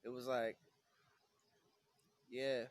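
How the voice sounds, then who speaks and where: A man's voice: medium pitch, little pitch movement, drawn-out words, no room sound. A man vlogging a casual, rambling rant about work, full of fillers and swearing. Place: San Diego.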